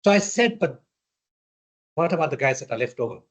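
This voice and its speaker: Hombre sudafricano, relato animado y directo. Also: male voice, on the high side, fairly quick. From South Africa. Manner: blunt, animated storyteller acting out dialogue. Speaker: lecturer. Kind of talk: storytelling lecture.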